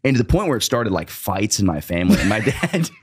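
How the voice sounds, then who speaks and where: A man's voice: fairly low pitch, very animated, fast talker, husky. A young man telling a rambling comedic story in casual chat, laughing mid-sentence and swearing often. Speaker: storyteller guest.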